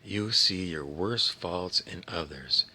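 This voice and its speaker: Man giving a dramatic self-help talk, really low voice, punchy and sharp, goes whispery a lot. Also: takes it slowly, slightly rough. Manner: theatrical, dramatic, swings to whispers. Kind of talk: theatrical motivational talk.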